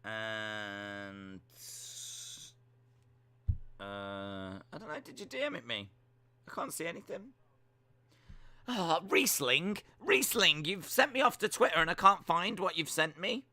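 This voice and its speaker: Brief: male streamer, young, teasing and self-mocking, animated pitch. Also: slow, pauses often, no echo. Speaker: live-stream host reading chat. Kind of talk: casual watch-along chat.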